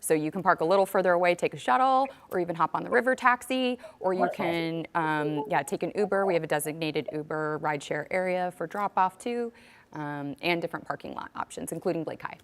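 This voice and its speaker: A fairly low-voiced woman appearing as a guest on a casual chat show. She answers in quick, practical bits about festival details and adds brief affirmations. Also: a little hiss or hum. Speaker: arts festival organizer, guest.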